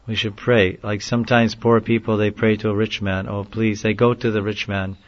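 A man delivers a devotional lecture in an earnest, unhurried way that turns pleading at moments. His voice sits low. The recording is dull and lo-fi. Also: level tone. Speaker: preacher.

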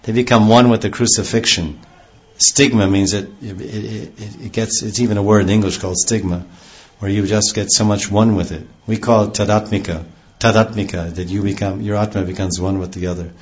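A man with a low voice gives a devotional lecture. He talks in a rambling way, restarting phrases often. The recording is dull and lo-fi. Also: fairly even intonation, fairly quick. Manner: rambling, with many restarts and acted quotes. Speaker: spiritual teacher.

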